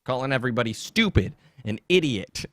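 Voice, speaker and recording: A man's voice: mid-range voice, animated, fairly quick, a bit bright, dry recording, studio quality. A man hosting a podcast in a casual comedic rant, mocking and laughing often as he jumps between topics. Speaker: podcast host.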